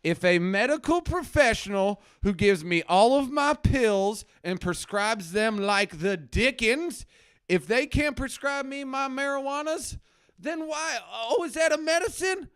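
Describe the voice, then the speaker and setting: A man playing a preachy, self-righteous male anti-drug crusader doctor on a comedy live stream from his basement, ranting between low mutters and loud outbursts. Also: lively intonation, measured pace, smooth, no echo, clean studio sound, full character voice. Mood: indignant. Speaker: host. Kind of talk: satirical live-stream rant. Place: home basement.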